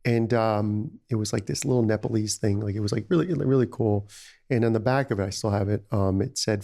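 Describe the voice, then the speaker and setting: A man's voice: on the low side, fairly even intonation, fast, creaky, dark tone. A man, a restaurant founder telling stories in a casual interview, rambling with many "you know"s. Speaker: restaurant founder, podcast guest.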